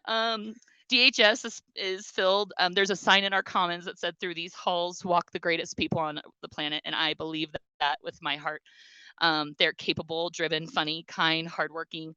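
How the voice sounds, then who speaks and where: A woman's voice: on the low side, steady tone, moderate pace, clear, resonant tone, no echo, muffled recording. A woman in her forties, a teacher and union president, speaking at a school board meeting in a talkative, heartfelt way with frequent ums. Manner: talkative, warm-hearted, emotional, with many ums.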